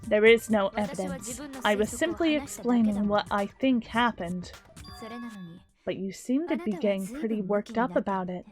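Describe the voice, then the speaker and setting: A woman voicing a calm, cool-headed young female detective in a game, speaking low, quiet and measured. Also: over music, close to an everyday voice.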